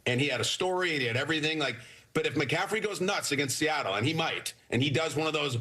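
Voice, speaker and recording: Forceful, husky man arguing football. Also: fairly high pitch, fast talker. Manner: emphatic, argues his case hard. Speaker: sports show co-host. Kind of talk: animated sports debate.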